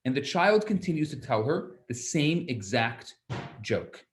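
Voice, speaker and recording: A man, a rabbi, teaching a class, telling a story with lively asides and frequent restarts. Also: mid-range voice, measured pace. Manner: animated storyteller, acts out children's voices, stammers on restarts. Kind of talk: storytelling lecture.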